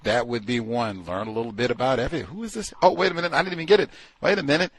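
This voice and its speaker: A man casually talking through a book he is reading, animated and full of rhetorical questions. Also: mid-range voice, very fast, dry recording. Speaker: book commentator. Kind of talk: casual spoken book review.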